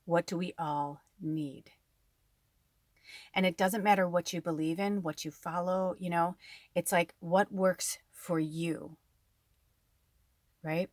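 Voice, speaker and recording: A woman's voice: fairly low pitch, fairly even intonation, slow, long pauses, no room sound, studio quality. A woman tarot reader talking casually to her viewers, rambling and chatty with lots of fillers. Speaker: tarot reader and spiritual medium. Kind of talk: casual spiritual talk to viewers.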